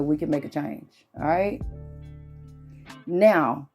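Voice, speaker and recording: Animated woman addressing viewers. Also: deep voice, slow, long pauses, faint music behind. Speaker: vlogger. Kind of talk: casual motivational talk to viewers.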